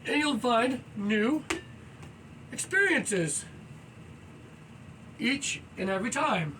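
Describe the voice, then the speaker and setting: The vlogger, whose voice is very high and bright, talks loudly and energetically in a rambling, motivational way while stretching and moving around his low-ceilinged home, using "you know" constantly. He's far from the mic, the audio is poor, and faint noise sits behind him.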